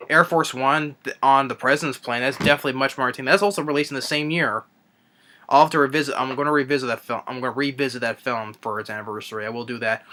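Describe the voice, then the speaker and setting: Exasperated young man ranting, bright voice. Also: mid-range voice. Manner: exasperated, halting, many restarts. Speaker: movie reviewer. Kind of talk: ranting movie review.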